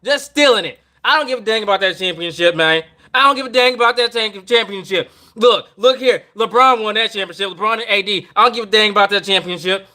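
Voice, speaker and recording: Exasperated high-voiced man ranting about basketball. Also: bright, forceful tone. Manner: exasperated, rambling, repeats himself. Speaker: podcast host. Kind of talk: ranting live stream sports talk.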